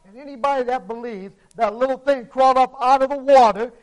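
A man delivers a sermon with a dramatic storyteller's manner. His voice is unusually high for a man. He swings between hushed, low-volume lines and forceful, emphatic declarations. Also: steady tone, a little fast, rough recording. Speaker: preacher.

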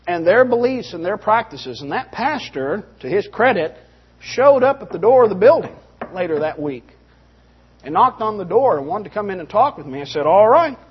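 A man's voice: high-pitched, big pitch swings, moderate pace, husky. A man preaching a sermon from Texas in an earnest way that rises to stern, emphatic points. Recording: dull muffled sound.

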